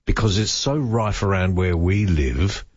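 A man's voice: sits low, animated, a little slow, no room sound. A man with an Australian accent, co-hosting talk radio in a jokey, teasing way. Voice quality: husky. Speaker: radio co-host. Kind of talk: late-night talk radio banter. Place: radio studio. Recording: dull, muffled broadcast sound.

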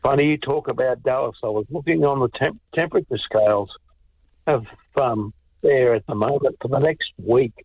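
A man calling in to a radio show, talking in a halting, hesitant way and calling the host mate. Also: medium pitch, husky, no echo. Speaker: caller. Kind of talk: talkback phone call. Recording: tinny phone line.

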